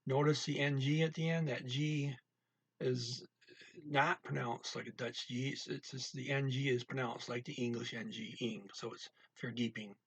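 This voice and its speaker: A man's voice: steady tone, moderate pace, husky, dry recording, muffled recording. A man teaching a language lesson in a casual way, explaining phrases word by word and repeating example sentences. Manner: reads target-language lines louder and higher. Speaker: language tutor.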